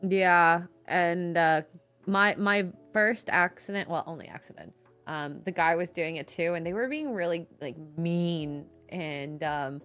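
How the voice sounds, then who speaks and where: A woman in casual chat on a stream, reacting with sympathy and quick expressive exclamations. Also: lowish voice, clean tone, faint music behind. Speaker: stream co-host.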